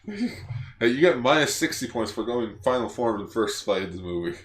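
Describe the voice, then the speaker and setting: A man co-hosting a podcast, retelling a plot in animated casual chat. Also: mid-range voice, normal speed, roomy sound. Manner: animated retelling, lots of fillers. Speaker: podcast co-host.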